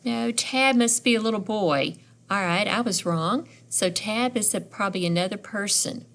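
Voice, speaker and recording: A woman's voice: medium pitch, moderate pace, fairly bright tone. A middle-aged woman teaching a phonics lesson to young readers, sounding out letters and words one by one and asking encouraging questions.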